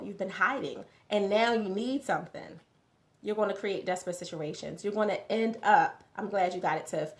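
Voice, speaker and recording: A woman hosting a morning motivational live stream. She talks conversationally, repeats phrases for emphasis and answers viewers' comments as they come in. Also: mid-range voice.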